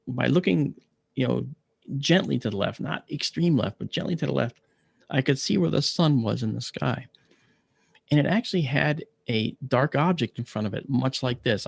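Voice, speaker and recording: A man giving a talk, telling a personal story with slides and acting out his own shouted replies. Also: medium pitch, vocal fry, dry recording, clean studio sound. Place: lecture event.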